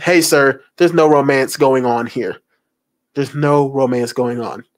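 A man's voice: medium pitch, measured pace. A young man giving mocking, preachy commentary while reacting to text messages. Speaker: commentary host.

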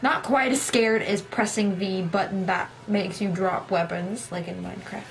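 A woman's voice: mid-range voice, fairly even intonation, normal speed, gravelly, few pauses, faint music behind. A young woman telling a rambling, self-deprecating story in a casual vlog, acting out her own past lines. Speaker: gaming vlogger.

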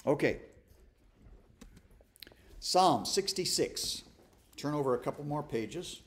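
Male pastor, informal study sermon; folksy and self-mocking, lots of restarts, lively up-and-down delivery. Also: fairly high pitch, slow pace. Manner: folksy, conversational, self-deprecating humor; stumbles and restarts often. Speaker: pastor leading a Bible study.

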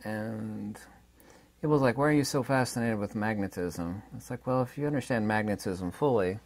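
Slow, deliberate man lecturing solo. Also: fairly low pitch. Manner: deliberate, slowed delivery with fillers and restarts. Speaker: channel host explaining science theory. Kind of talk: unscripted lecture-style monologue.

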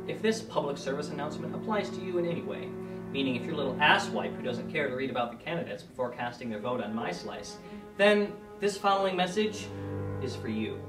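A young man rants aggressively and profanely in a scripted comedy bit, his pitch leaping around. The voice sounds roomy and a little distant from the mic, with music underneath. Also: animated, a little fast. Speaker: student election announcer.

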